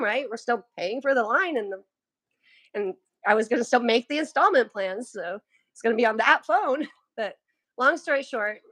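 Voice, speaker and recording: A woman's voice: fairly high pitch, a bit bright, no echo. A woman chatting casually and telling a story, often laughing, and losing her voice. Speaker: livestream co-host. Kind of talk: casual chat.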